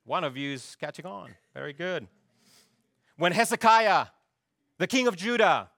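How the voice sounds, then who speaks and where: A man's voice: high-pitched, bright, forceful tone, dry recording, clean studio sound. A middle-aged man preaching a sermon, emphatic and asking his congregation questions as he goes. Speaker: pastor.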